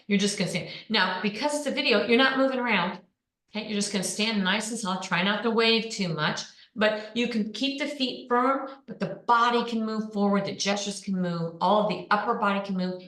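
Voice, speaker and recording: A woman's voice: mid-range voice, a bit bright. A woman coaching people on presenting online, speaking with energy and punching out keywords. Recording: echoey room.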